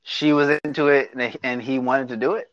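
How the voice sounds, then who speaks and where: A man's voice: medium pitch, steady tone, normal speed, highs cut off. A man in casual chat, breaking in with skeptical questions.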